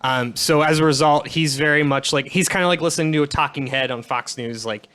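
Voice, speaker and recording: A man's voice: fairly high pitch, brisk, fairly bright tone. Wry man chiming in on a podcast. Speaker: podcast co-host. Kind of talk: casual comedic chat over a call.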